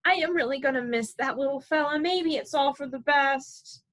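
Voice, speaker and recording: A woman reading aloud voices a young female bear in a picture book, in a high, gentle, sing-song way. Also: normal speed. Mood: wistful.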